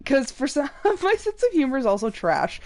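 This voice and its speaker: Chatty young woman streamer, lively pitch. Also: moderate pace. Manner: chatty, rambling and self-deprecating, with sudden excited outbursts. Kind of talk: casual live-stream chat while gaming.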